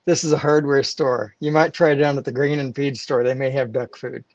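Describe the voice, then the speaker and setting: A man's voice: medium pitch, steady tone, a little fast, dry recording, highs cut off, natural voice. A man voicing an exasperated hardware store clerk in a joke he tells, scolding in his own fairly ordinary voice. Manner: stern, scolding.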